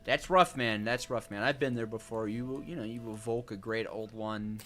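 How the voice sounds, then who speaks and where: A young gaming streamer with a lowish, slightly bright voice talks at normal speed with fairly even intonation. During a casual let's-play, he jokes and chats with viewers, answering chat and rambling between tasks.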